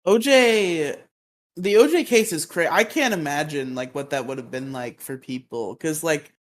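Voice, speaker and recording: Giggly guy on a podcast, says like nonstop, higher voice. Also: moderate pace. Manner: excitable, laughs often, says "like" a lot. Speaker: podcast co-host. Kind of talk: casual podcast chat.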